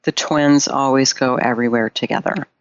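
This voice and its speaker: A woman's voice: extremely low pitch, fairly even intonation, moderate pace, clear, resonant tone, no echo, highs cut off. A woman guest on a podcast, a Jungian analyst, retelling a fairy tale in a thoughtful way with frequent fillers.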